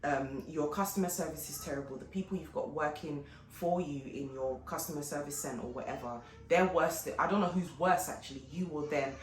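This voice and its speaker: A woman vlogger telling a story in a casual, animated way, often turning to her viewers. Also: low voice, brisk, hardly any pauses. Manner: animated, chatty retelling with frequent asides to viewers. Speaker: fashion and lifestyle vlogger. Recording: echoey room with faint background noise.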